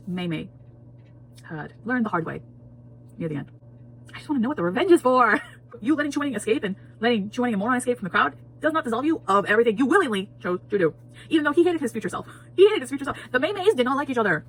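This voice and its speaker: A woman's voice: fairly high pitch, expressive, fast, fairly bright tone, breathy edge. A woman giving a casual spoiler book talk, emphatic and full of repeated phrases and laughter. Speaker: book reviewer.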